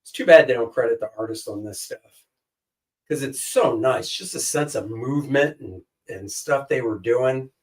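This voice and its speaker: A man's voice: mid-range voice, normal speed, recorded from a distance, low-quality recording. A man co-hosting a comic book show, chatting casually with joking, rambling banter. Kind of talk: casual chat.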